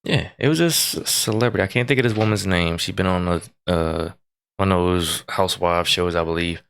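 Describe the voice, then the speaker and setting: A man hosting a reaction video in casual chat, excitable and breaking into high exclamations. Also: fairly quick, creaky, slight background noise.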